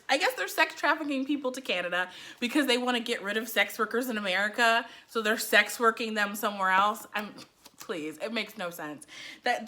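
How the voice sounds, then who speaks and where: A woman's voice: on the high side, sharp tone. A young woman, a librarian, giving a casual TV reaction, sarcastic and laughing often. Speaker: librarian reviewing TV.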